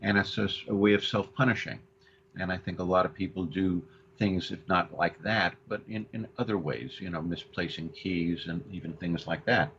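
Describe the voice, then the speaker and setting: A male co-host on a counseling radio show, speaking haltingly with many restarts. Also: low-pitched, steady tone, fairly bright tone. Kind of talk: radio talk show discussion. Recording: dull lo-fi radio audio with faint hiss.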